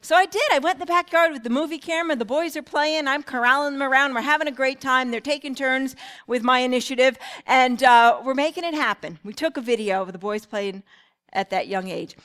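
A woman's voice: high voice, brisk, a bit bright. A middle-aged woman speaking earnestly at a parenting seminar, telling stories from family life. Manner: earnest, storytelling.

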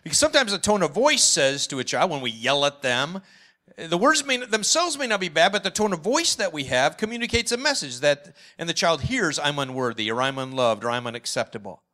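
A man's voice: a little high, big pitch swings, a little fast, pushed and bright. A man speaking enthusiastically at a parenting seminar, sharing lessons and memories.

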